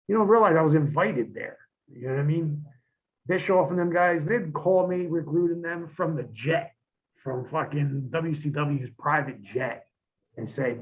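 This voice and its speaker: Ex-wrestler guy cussing thru old stories, phone-line audio, kinda high voice. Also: normal speed. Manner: blunt and profane, acts out past arguments. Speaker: former pro wrestler, interview guest. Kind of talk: shoot interview, casual storytelling.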